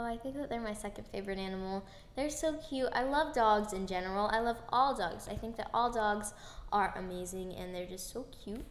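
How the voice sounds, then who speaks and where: A woman hosting her own podcast alone, chatting in a bubbly, rambling and excitable way. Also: mid-range voice, roomy sound, slight background noise. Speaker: podcast host. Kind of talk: casual solo podcast chat.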